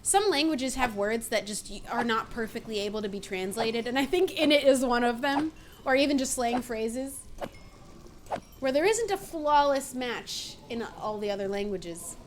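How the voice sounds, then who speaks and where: A high-pitched American woman chatting casually on a gaming stream, playful and quick to laugh. She talks to viewers into a desk mic with a faint hiss underneath. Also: lively intonation. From United States.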